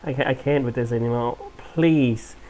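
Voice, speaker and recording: A gaming video host with an extremely low, warm voice speaks at normal speed. Sick and congested, she casually plays a video game in a let's-play, reading her dialogue choices aloud.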